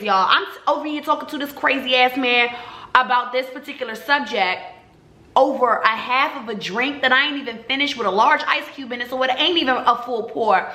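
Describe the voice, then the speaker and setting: A woman vlogger telling a story to her viewers in a sassy, animated way, acting out both sides of the conversation. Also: sits high, brisk, reverberant.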